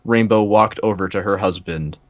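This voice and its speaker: A man's voice: on the low side, normal speed, dry recording, lo-fi sound. A man hosting a comedic read-through of a fan fiction, reading aloud in a casual, sardonic way and swearing freely.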